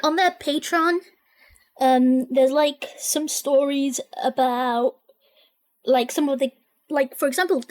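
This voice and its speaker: A woman streamer chatting casually while reacting to videos, excitable and giggly, often trailing off and repeating herself. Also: sits high.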